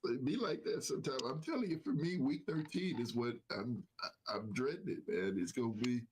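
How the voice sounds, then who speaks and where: A man's voice: medium pitch, expressive, a little fast, noisy background. A man co-hosting a casual sports talk show, talking with a nasal voice, repeating himself and using lots of fillers. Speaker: podcast co-host.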